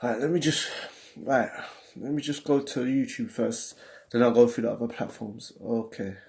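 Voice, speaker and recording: This livestream host's mid-range voice is creaky and darkish, delivered at normal speed. He's an Englishman with a London accent, casually chatting in street slang while reading out messages from viewers.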